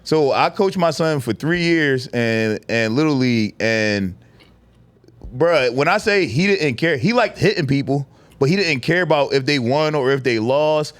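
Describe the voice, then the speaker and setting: A man's voice: mid-range voice, lively intonation, measured pace. A middle-aged man co-hosting a podcast, telling an emphatic, profane story about coaching his son, in casual chat. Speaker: podcast co-host.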